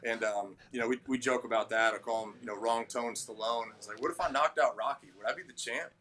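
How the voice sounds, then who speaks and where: Blunt gym owner telling stories. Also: male voice, medium pitch, fast, fairly bright tone. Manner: blunt, admittedly abrasive, quotes people in voices. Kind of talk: casual interview storytelling.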